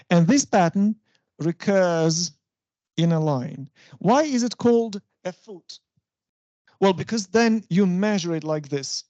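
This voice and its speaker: A lecturer with a Russian accent works through the material at a slow, unhurried pace, pausing to ask whether everyone follows and giving translations into Russian. The recording sounds dull and flat, with a dry, close sound and no room echo. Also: medium pitch. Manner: explains terms patiently, checks in with "right?" and translates into Russian. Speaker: university lecturer. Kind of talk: university lecture.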